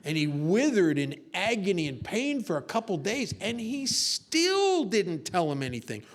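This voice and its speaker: A man telling his own story at a recovery meeting, his voice sitting a touch higher than most. He talks in an earnest, confessional way, slipping into self-mocking humor as he tells stories. The delivery is heartfelt and unpolished. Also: big pitch swings, unhurried. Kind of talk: personal testimony talk with storytelling.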